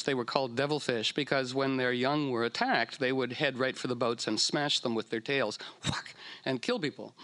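A man's voice: medium pitch, fairly bright tone. Rambling, playful man telling a story. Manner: meandering, playful, puts on silly voices for whales. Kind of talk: casual storytelling talk.

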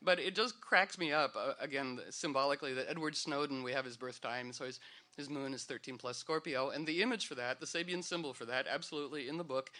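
A man's voice: a little high, pushed and bright. A man speaking to a live audience in a meandering, playful way, full of fillers and restarts. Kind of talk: rambling, humorous talk to an audience.

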